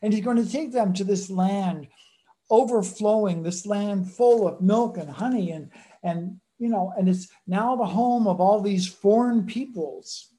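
A woman preaches in an easygoing, conversational manner. Her voice is mellow and warm, with a middle pitch for a woman. She briefly puts on voices for the people in her story as she retells it. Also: measured pace, husky. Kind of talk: sermon.

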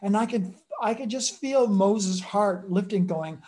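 A woman preaches in an easygoing, conversational manner. Her voice is mellow and warm, with a middle pitch for a woman. She briefly puts on voices for the people in her story as she retells it. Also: measured pace, few pauses. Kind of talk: sermon.

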